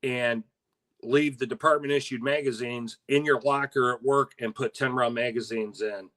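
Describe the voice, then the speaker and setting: A man's voice: medium pitch, fairly even intonation, normal speed, fairly bright tone. An older man co-hosting a casual talk stream, easygoing, with fillers and frequent laughs. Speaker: co-host. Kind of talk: casual chat.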